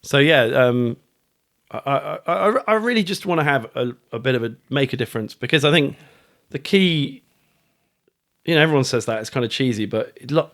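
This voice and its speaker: A man's voice: medium pitch, lively intonation, normal speed, fairly bright tone. Chatty British man, casual podcast guest. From United Kingdom. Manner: chatty, swears, many restarts. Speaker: guest, author and fund manager.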